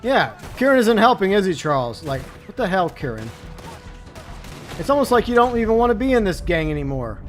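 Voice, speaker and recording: A man's voice: sits high, big pitch swings, quick pace, hardly any pauses, soft background music. A man streaming a video game, casually commenting, sarcastic and teasing toward the characters.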